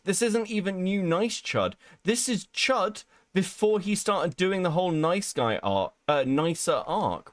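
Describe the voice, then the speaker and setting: A man's voice: a little high, very animated, normal speed, few pauses, dry recording. A man hosting a podcast, ranting in a sweary, incredulous way about online drama. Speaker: podcast host. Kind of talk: casual drama commentary.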